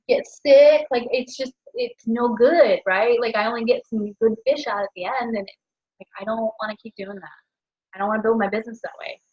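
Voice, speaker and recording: A woman's voice: medium pitch, slightly rough, dull audio. A woman talking casually about her business, chatty and full of fillers, often breaking into laughter. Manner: chatty, filler-heavy, self-correcting. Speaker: network marketer.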